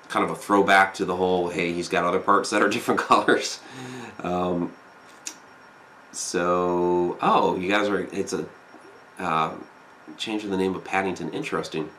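A man's voice: deep voice, bright, forceful tone, a little hiss or hum. Rambling man chatting on a live stream. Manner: rambling, many fillers, reads viewer comments aloud. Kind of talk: casual live chat reading comments.

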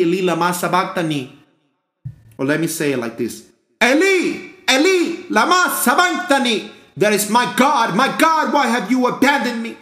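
A man's voice: high-pitched, echoey room. A man preaching a fervent sermon with a repetitive, rhythmic cadence.

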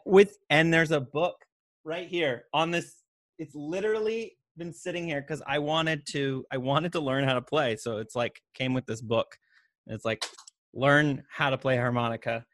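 A man's voice: medium pitch, fairly bright tone, no room sound. A man co-hosting a podcast, chatting casually and laughing often as he reviews a product. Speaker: podcast co-host.

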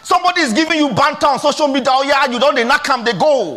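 A man with a Nigerian accent preaching a sermon as a pastor, moving between soft pleading questions and loud exhortation. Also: very high voice, fast, hardly any pauses.

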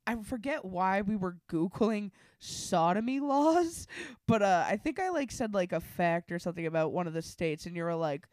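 A young woman co-hosting a podcast in casual chat, profane and animated, laughing often as she tells stories. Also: mid-range voice, moderate pace, no room sound, studio quality. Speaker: podcast co-host.

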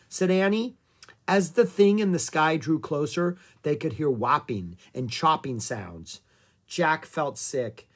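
A reader narrating a children's chapter book aloud with expressive storytelling. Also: mid-range voice, a little slow. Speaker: audiobook narrator.

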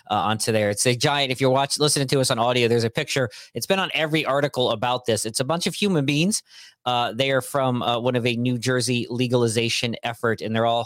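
A man in an easygoing podcast chat, rambling along with asides at a mid-range pitch. His voice is dry and close, with no room echo at all. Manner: rambling, conversational, quick asides. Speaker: podcast co-host. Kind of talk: casual chat.

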